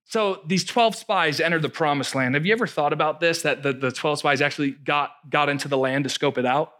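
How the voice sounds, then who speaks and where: A man preaching a sermon in an animated, playful way, often repeating words. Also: on the high side, a little fast. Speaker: pastor.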